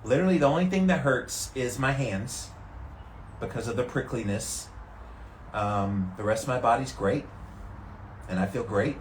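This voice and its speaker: Male vlogger, mid-range voice, unhurried and steady, chatting from an ice tank. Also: mid-range voice, reverberant, slight background noise. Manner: calm and steady, relaxed despite the cold. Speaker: vlogger doing a daily ice bath challenge. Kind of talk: casual talk to camera. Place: sitting in an ice bath tank.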